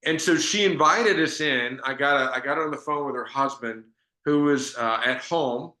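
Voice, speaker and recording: A man's voice: medium pitch, normal speed, bright, forceful tone, roomy sound. A man giving a business sales training talk, telling stories in a conversational way with frequent restarts.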